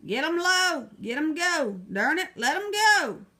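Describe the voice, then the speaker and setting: A woman voicing a flustered small-town male sheriff who shouts in exasperation. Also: mid-range voice, moderate pace, natural voice. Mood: frantic.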